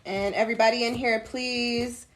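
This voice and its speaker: A woman's voice: on the high side, normal speed. Laid-back woman chatting on a live stream. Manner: relaxed, chatty, laughs at herself, addresses viewers as y'all. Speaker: tarot reader. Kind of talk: casual live-stream chat.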